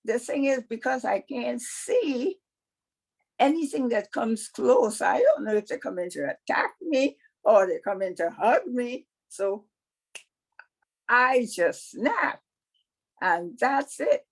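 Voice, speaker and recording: A woman's voice: fairly high pitch, sing-song, takes it slowly, creaky, full character voice. A woman voicing a defensive, half-blind male snake in a folktale, pleading and explaining.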